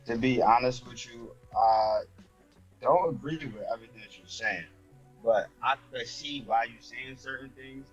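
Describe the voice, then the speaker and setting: A man in a casual discussion who talks in a measured way, thinking aloud with plenty of fillers. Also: mid-range voice, breathy edge, lo-fi sound, faint music behind. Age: younger than the other speakers.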